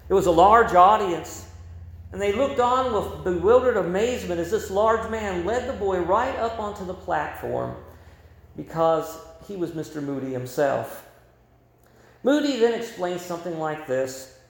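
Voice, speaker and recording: A male pastor preaching a sermon in a church, telling a story and moving between loud and hushed delivery. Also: on the high side, lively intonation, moderate pace. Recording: roomy echo.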